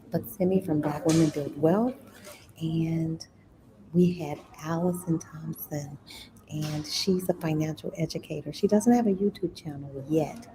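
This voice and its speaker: Chatty woman streaming from a noisy store. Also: low voice. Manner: chatty, drops to a whisper at times. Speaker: host of a money and investing channel. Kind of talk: casual live-stream chat. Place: inside a busy computer store. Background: store ambience and chatter.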